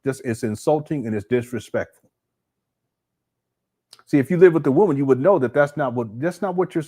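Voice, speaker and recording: Man, mid-pitched voice, casual commentary, incredulous, blunt. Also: expressive, brisk, pauses often, warm tone. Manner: exasperated, incredulous, swears casually. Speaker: commentary channel host.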